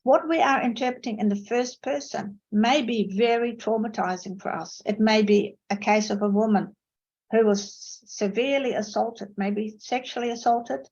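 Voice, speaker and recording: A woman's voice: normal speed, darkish tone, husky, highs cut off. Woman telling lecture anecdotes. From Netherlands. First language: Dutch. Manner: anecdotal, storytelling with emphatic pitch jumps. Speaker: interpreting lecturer. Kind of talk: online academic seminar talk. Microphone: video call.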